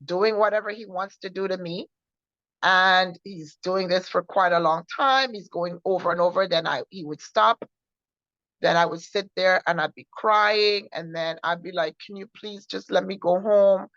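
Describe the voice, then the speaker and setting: A woman sharing her personal testimony in an earnest, halting way, often repeating herself and restarting. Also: on the low side, fairly bright tone, dry recording. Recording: dull lo-fi recording.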